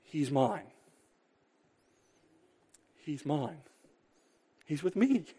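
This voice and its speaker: A man voicing a gentle, protective male savior, speaking softly and fondly. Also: fairly high pitch, big pitch swings, drawn-out words, slightly rough, full character voice. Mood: tender.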